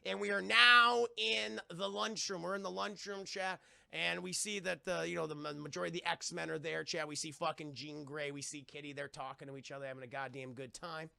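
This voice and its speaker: A man reviewing a cartoon on a live stream, animated and profane, talking to his chat. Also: fairly high pitch, a little fast, vocal fry, dry recording. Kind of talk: casual live-stream commentary.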